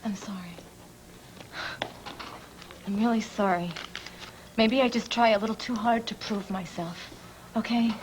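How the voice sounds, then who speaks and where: A woman's voice: fairly high pitch, background noise, natural voice. An actress playing a proud, guarded woman cop. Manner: brisk, guarded.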